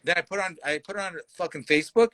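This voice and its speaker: A man's voice: high voice, quick pace, bright, forceful tone, dry recording. A man from Canada, a comedian guest, telling a rambling, profane story in casual chat and acting out the quotes heatedly. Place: livestream talk show.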